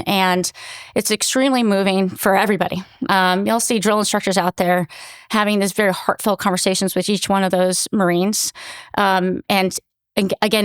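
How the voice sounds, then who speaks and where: A middle-aged woman speaks as a military commander being interviewed, earnest and animated as she recounts events, with plenty of "um" and "you know." Her voice is smooth and clear, recorded dry and close with no room sound. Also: medium pitch, no echo. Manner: earnest, animated storytelling with many fillers. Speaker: battalion commanding officer, guest. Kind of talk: conversational interview storytelling.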